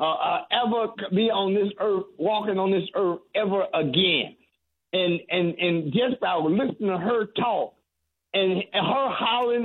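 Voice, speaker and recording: A reverend speaking as a guest on call-in radio, earnest and halting, often restarting his sentences. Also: sits high, breathy edge. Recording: tinny phone line.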